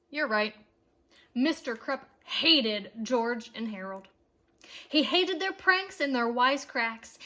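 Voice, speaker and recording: A woman reads a children's chapter book aloud in a high, bright voice. She takes her time and tells it playfully and expressively, turning now and then to ask her young listeners questions. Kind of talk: storybook read-aloud for children.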